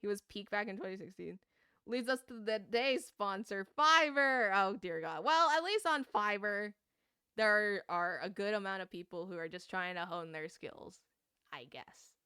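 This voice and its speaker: A young woman streaming a game, ranting casually with swearing and quick laughs while chatting to viewers. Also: medium pitch, animated, pushed and bright, smooth, dry recording, clean studio sound. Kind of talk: casual gaming stream chat.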